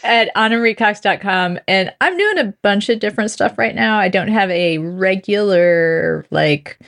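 A woman's voice: medium pitch, expressive, moderate pace, creaky, fairly bright tone. Laughing, chatty woman podcast co-host. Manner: laughs often, chatty, restarts playfully. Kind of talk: casual chat.

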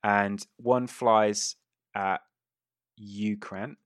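A man narrating a tabletop game as game master, describing the action in a casual way with quick asides. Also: on the low side, fairly even intonation, dry recording, studio quality.

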